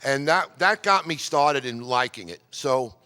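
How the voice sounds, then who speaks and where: A chatty, digressive middle-aged man from New York telling radio stories to a club audience. His voice is bright and forceful. It echoes with a long reverb, because he is speaking in a meeting hall. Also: mid-range voice, lively intonation, unhurried. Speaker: amateur radio presenter. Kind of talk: casual storytelling talk.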